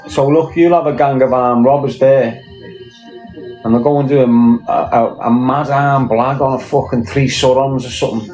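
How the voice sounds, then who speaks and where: A man's voice: medium pitch, steady tone, moderate pace, darkish tone, faint music behind, low-quality recording. A Scouse man talking bluntly in casual chat, swearing often and firing off rhetorical questions. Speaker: podcast guest.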